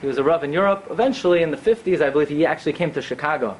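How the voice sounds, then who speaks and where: Animated high-voiced rabbi telling a story. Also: male voice, rapid-fire, breathy edge. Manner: animated storyteller acting out quoted characters. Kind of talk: storytelling talk.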